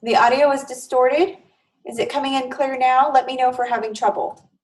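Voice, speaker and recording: A woman's voice: high-pitched, steady tone, fairly quick, a little mellow. A woman with a slightly raised voice teaches a live online class over a video call, talking conversationally and often checking in with her students. She sounds a little far from the microphone. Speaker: online course instructor.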